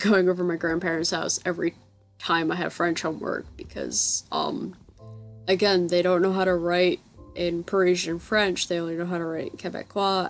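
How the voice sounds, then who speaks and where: A young woman from the United States telling a rambling story in a casual voice-over, often stopping to correct herself. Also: fairly low pitch. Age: young adult. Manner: rambling, self-correcting, chatty. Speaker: gaming channel host. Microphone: voice-over recorded separately from the game footage.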